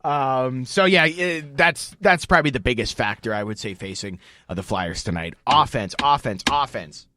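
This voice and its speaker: A man's voice: medium pitch, moderate pace, few pauses. A man co-hosting a hockey podcast, chatting casually and joking with a friend. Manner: joking, lively banter. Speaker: podcast co-host. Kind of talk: casual sports chat.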